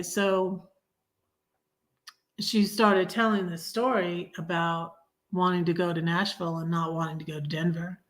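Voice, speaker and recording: Slow, rambling middle-aged woman. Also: lowish voice, fairly even intonation. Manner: rambling, chatty, talks straight to viewers. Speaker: livestream host. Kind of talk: casual storytelling livestream.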